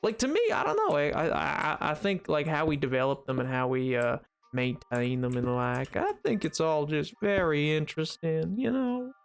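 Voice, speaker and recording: A man's voice: fairly high pitch, animated, moderate pace, creaky, clear, resonant tone, soft background music. A man streaming a game, chatting casually with a rambling, playful, self-mocking way of talking. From United States. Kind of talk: casual livestream chat while gaming.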